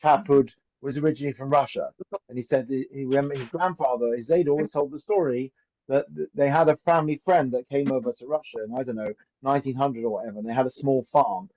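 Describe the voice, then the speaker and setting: A man's voice: medium pitch, steady tone, fast, darkish tone. A man teaching an informal Torah class as a rabbi, chatty and anecdotal, often asking "right?". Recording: dull lo-fi recording.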